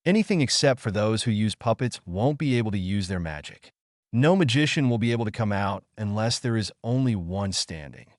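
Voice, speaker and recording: A man's voice: on the low side, animated, brisk, dry recording, natural voice. Man voicing small cheeky male cat; storybook read, dry. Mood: warning.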